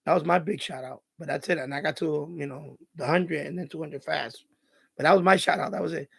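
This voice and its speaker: Hoarse, raspy live-stream host, gravelly. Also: male voice, a little high, brisk, no echo, clean studio sound. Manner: rambling advice, heavy on "you know" and restarts. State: hoarse, voice going after hours of talking. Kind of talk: casual live-stream chat.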